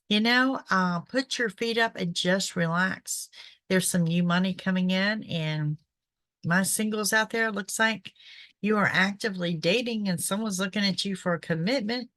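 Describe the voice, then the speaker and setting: A woman, a psychic reader hosting a show, gives a casual, gabby horoscope reading and repeatedly checks in with "okay?". She has a mid-range voice, a bit bright, at a moderate pace, with a pollen-irritated throat. No room sound is audible.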